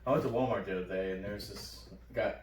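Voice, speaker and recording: A man's voice: on the low side, quick pace, slight background noise. A man co-hosting a podcast, chiming in and laughing along in a laid-back casual chat. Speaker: podcast co-host. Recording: roomy echo, mic at a distance.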